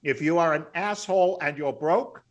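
Brief: middle-aged male guest, blunt storyteller, slightly high voice. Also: normal speed, dull audio. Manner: blunt, salty, animated storyteller. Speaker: podcast guest, real estate investor. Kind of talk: storytelling interview.

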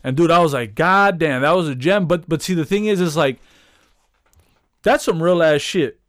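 A man's voice: fairly high pitch, moderate pace, dry recording, studio quality. A man co-hosting a podcast in casual chat, retelling a story with lots of restarts, fillers and profane slang. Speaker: podcast co-host.

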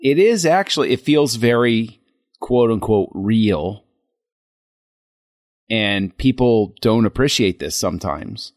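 Reflective low-voiced man discussing film. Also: lively intonation, a little mellow, dry recording, clean studio sound. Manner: reflective, halting with restarts. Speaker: podcast co-host.

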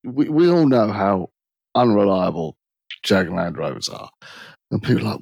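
Husky-voiced Englishman, joking on a podcast. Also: lowish voice, very animated, normal speed, a little mellow, no echo. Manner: dry, joking, laughs at own lines. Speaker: podcast guest. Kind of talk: casual podcast chat.

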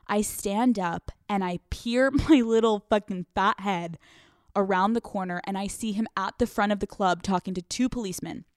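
A young American woman telling a comedic story, profane and lively, acting out the people in it. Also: mid-range voice, moderate pace, no echo, clean studio sound. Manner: animated, profane, acts out quoted voices. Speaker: podcast host.

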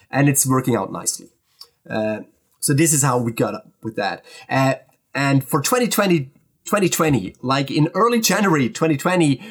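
Husky man chatting with frequent laughs. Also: mid-range voice. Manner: laughs often, halting restarts. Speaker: conference organizer, guest. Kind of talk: casual podcast chat.

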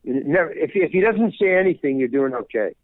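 A man's voice: a little high, lively intonation, fairly quick, no room sound. An older man, a guest actor, chatting casually in an interview and rambling with many restarts. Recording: tinny phone line.

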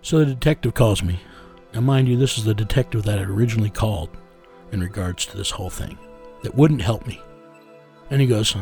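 Gravelly man telling a blunt story. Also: lowish voice, lively intonation, brisk, darkish tone, soft background music. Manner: blunt, profane, quotes himself often. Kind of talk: casual storytelling.

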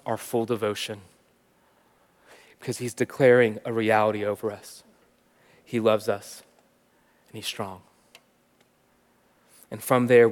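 A man preaching a sermon, swinging from soft and hushed to loud and emphatic. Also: on the low side. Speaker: pastor teaching. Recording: long reverb of a large hall.

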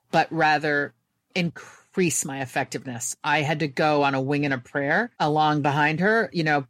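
A woman's voice: sits low, no room sound, clean studio sound. A woman guest and author telling candid personal stories in an earnest, reflective way. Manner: earnest, candid, quick bursts.

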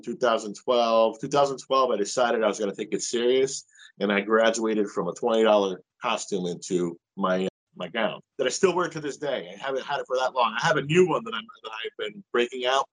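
Middle-aged man, animated storyteller. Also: medium pitch, fairly quick, low-quality recording. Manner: animated, lively storyteller who swears casually. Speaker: guest. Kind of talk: casual storytelling in an interview.

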